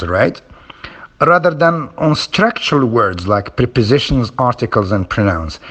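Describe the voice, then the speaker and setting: Male teacher, slow delivery, animated intonation, explains and drills pronunciation. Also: medium pitch. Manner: explains slowly with fillers and rhythm drills. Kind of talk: phonology lesson.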